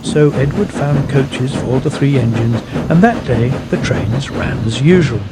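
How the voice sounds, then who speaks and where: A man narrating a children's railway story in an expressive, gently paced storytelling manner. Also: medium pitch, measured pace, very noisy.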